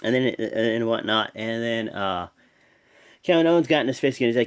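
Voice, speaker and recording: A man hosting his own channel, giving a casual, rambling recap full of fillers and restarts, animated as he goes. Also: mid-range voice, normal speed, smooth. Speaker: host. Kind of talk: casual wrestling show recap.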